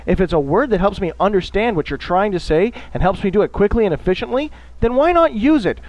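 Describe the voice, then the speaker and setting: Male radio host, profane rant, high lively voice, dry close mic, sarcastic. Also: fast talker, dry recording, low-quality recording. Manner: ranting, swearing, sarcastic mock voices.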